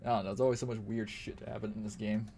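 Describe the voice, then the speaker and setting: A man's voice: lowish voice, flat delivery, very fast, creaky, dark tone, slight background noise. A young man streaming a game, chatting casually while he plays, rambling and swearing freely. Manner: rambling, profane, laughs often. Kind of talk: casual gaming commentary.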